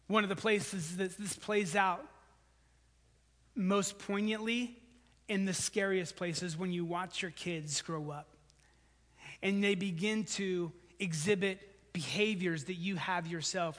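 High-voiced preaching man in a reverberant hall. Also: measured pace. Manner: conversational preaching, rising for emphasis then dropping low and soft. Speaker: pastor. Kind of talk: sermon.

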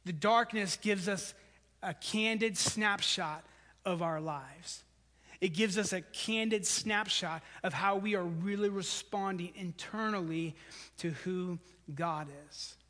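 A man with a fairly high voice preaches to his congregation, talking to them like friends. He pushes his voice up for emphasis, then drops it low and soft. His words ring out with a long reverb from a large sanctuary. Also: takes it slowly. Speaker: pastor. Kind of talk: sermon.

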